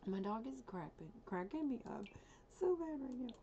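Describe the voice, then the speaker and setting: A woman's voice: fairly high pitch, background noise. A woman live streaming from home, chatting casually as she builds in a game, thinking aloud and teasing her dog now and then. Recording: dull lo-fi stream audio.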